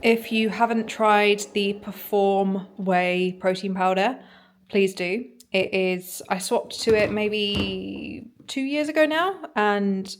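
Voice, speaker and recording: A woman's voice: mid-range voice, slow pace, slight background noise. A young woman, a fitness coach, chatting casually and upbeat to her phone camera at the gym and at home. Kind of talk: casual vlog chat.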